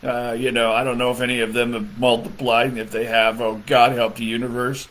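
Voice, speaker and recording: A man's voice: mid-range voice, little pitch movement, brisk, a bit bright. A man, a political comedian, rambling through a crude comedic rant, laughing often and leaning on fillers. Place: Michigan.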